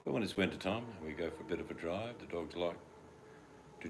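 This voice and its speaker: A man's voice: deep voice, fast talker, a little hiss or hum. An older man with an Australian accent chatting casually at home, rambling and acting out his dogs in quoted voices. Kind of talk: casual chat.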